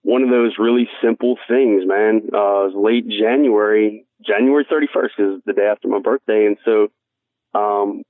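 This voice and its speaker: Man, heartfelt storyteller, fairly low voice, tinny remote call audio. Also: steady tone, normal speed, dry recording. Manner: earnest, heartfelt, peppered with "man". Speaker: guest angler. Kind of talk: casual storytelling interview. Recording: dry, tinny phone-like line.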